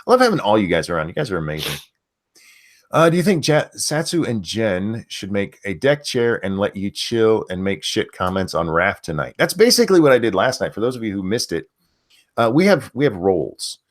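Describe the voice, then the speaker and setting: Male stream host, low voice, casual, profane, trips over his words. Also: very animated, a little fast. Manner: rambling, stammering, profane. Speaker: host reading super chats. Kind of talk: casual livestream chat.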